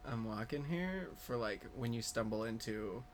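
A woman's voice: rumbling low, lively intonation, moderate pace, slight background noise. A woman hosting a podcast in a casual, jokey chat. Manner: jokey, laughs a lot. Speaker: podcast host.

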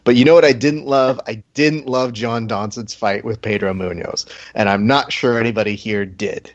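A man's voice: mid-range voice, fairly even intonation, normal speed, dull audio. A man co-hosting a podcast in a playful, teasing and theatrical way. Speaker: podcast co-host. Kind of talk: casual chat.

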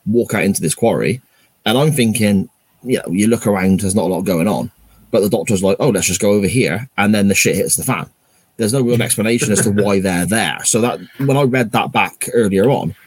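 A man's voice: lowish voice, slightly rough, dry recording. A man co-hosting a podcast in casual chat, explaining plot points at length. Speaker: podcast co-host.

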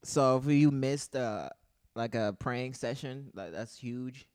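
A man's voice: mid-range voice, takes it slowly, a little mellow, smooth. A man in casual chat, speaking hesitantly with many fillers.

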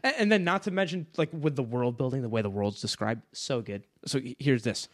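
A man's voice: mid-range voice, a little fast. An American man on a book podcast, gushing over favorite passages and reading them aloud, often breaking into laughter. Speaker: podcast co-host.

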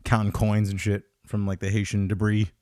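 A man's voice: fairly low pitch, completely flat delivery, brisk, darkish tone, dry recording, clean studio sound. Rambling, profane male podcast host. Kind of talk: casual comedic podcast chat.

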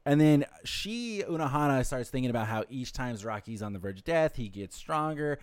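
A man co-hosting a casual anime podcast, his voice sitting at an ordinary middle pitch. He swears freely and drops into brief voices for the characters he recaps. The sound is dry and close. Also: expressive, clean tone, no room sound. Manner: casual, profane, acts out characters in quick impressions. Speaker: podcast co-host and editor.

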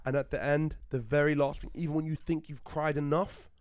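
A man's voice: a little high, brisk, no echo, clean studio sound. A man co-hosting a casual podcast, talking animatedly and swearing a lot as he rants about films. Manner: animated, swears a lot, acts out loud mock quotes. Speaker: podcast co-host. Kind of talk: casual chat.

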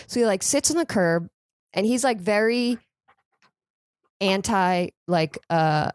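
A young woman, a podcast guest, telling a story in a lively, chatty way, swearing freely and saying "like" a lot. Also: medium pitch, slow pace, no room sound, studio quality. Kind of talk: casual comedic storytelling.

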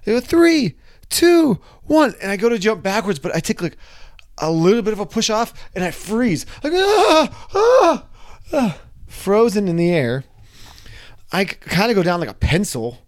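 Animated young man telling a story. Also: brisk. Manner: animated, re-enacts his own screams and panic in a high voice. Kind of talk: casual storytelling.

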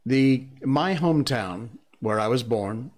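A man's voice: mid-range voice, animated, takes it slowly, darkish tone. A man from Connecticut hosting a casual solo talk show, chatty and rambling with frequent asides. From Connecticut, United States. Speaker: show host. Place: living in Malaysia.

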